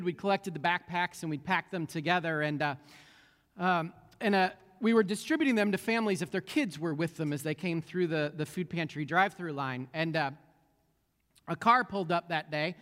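A man's voice: sits high, a bit bright, in a large hall. A man preaching a sermon as pastor, telling a story with many fillers and restarts.

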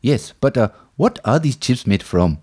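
A man voicing a polite, baffled man who keeps apologizing as he asks about some chips, with a husky voice. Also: medium pitch, sing-song, normal speed, warm tone. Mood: puzzled polite. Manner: courteous, more and more apologetic.

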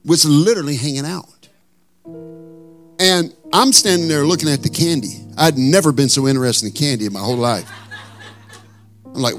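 A male pastor preaching a sermon with animated, blunt storytelling and emphatic asides. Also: fairly high pitch, brisk, pauses often, soft background music.

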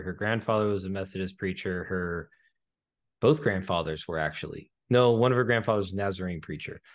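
A man with a very deep voice hosts a casual talk show. He rambles, circles back and hesitates as he gathers his thoughts. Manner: rambling, hesitant, with many fillers. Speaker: podcast host. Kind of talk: casual conversation.

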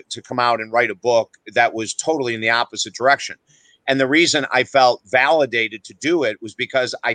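Bright, forceful middle-aged man telling stories. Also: mid-range voice, dry recording, low-quality recording. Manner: emphatic, blunt, self-deprecating. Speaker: guest author. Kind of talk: animated podcast storytelling.

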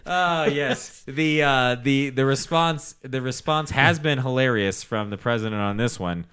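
A man with a bright, forceful, crisp voice trades crude, profane jokes in loose comedic banter. He rambles through stories and barely pauses. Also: medium pitch.

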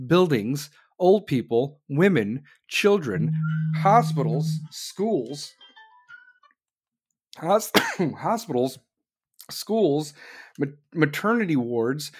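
Brief: man, slightly high-pitched, heated profane rant with loud outbursts. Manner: heated, sarcastic, swearing, with sudden loud outbursts.

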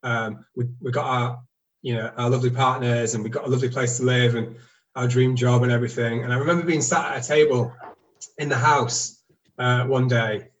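A man in his forties tells his story candidly, pausing and restarting as he talks. His pitch sits mid-range for a man. He is recorded a little away from the microphone. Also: steady tone, fairly bright tone, far from the mic, low-quality recording. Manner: halting, candid, self-deprecating. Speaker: guest telling his story. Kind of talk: casual reflective storytelling.

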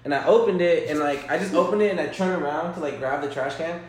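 A fairly high-voiced man chats and swaps stories, cursing freely and playing out every line of dialogue. The sound is roomy and echoey, as if he is in a bare room. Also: fast. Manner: profane, animated, acts out quotes. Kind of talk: casual chat, storytelling. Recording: roomy echo.

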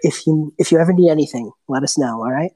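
A woman's voice: sits low, quick pace, dark tone, slightly rough, dry recording, poor audio. A woman voicing a courteous man who thanks people in a formal, polite way. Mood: grateful. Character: courteous male companion, grateful and formal.

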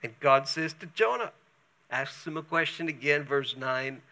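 A male pastor preaching a sermon, telling the story in an animated way with chatty asides. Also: fairly high pitch, measured pace.

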